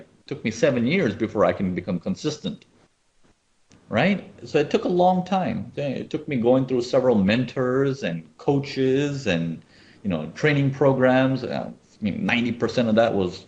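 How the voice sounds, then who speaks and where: In a live trading webinar, a man explains charts with animation and keeps asking viewers if they follow along. He is a trading educator with a mid-range voice, and the audio has its highs cut off.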